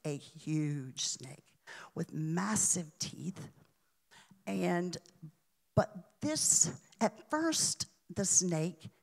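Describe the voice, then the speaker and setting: A woman preacher telling a story in a sermon, dramatic, with sudden hushes and swells. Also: sits low, gravelly, breathy edge.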